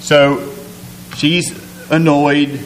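A man preaching a sermon, reading scripture aloud and retelling it in a conversational, halting way with many restarts and fillers. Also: on the high side, little pitch movement, big-room sound, a little hiss or hum, low-quality recording.

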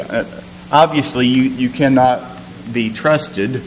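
A man delivering a sermon, reading scripture and then unpacking it in a loose, conversational way full of fillers and restarts. His voice is mid-pitched and carries a long reverb, as though he stands in a large hall. A faint hum sits underneath. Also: unhurried. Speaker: preacher.

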